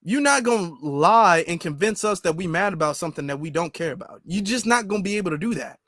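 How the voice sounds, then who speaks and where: High-voiced exasperated male commentator. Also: animated, quick pace, a bit bright, no room sound, clean studio sound. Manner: exasperated, mocking, repetitive. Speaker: commentary channel host. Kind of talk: reaction commentary on clips.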